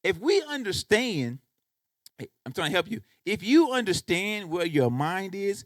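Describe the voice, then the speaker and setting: High, lively-voiced preacher man. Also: normal speed, dry recording. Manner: emphatic, repeats "guess what" to drive points home; conversational preaching, addresses congregation directly. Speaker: pastor. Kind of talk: sermon. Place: church.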